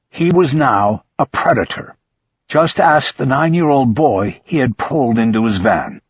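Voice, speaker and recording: A man reading a crime novel aloud in scripted audiobook narration, steady and measured. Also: medium pitch, husky, dry recording, highs cut off.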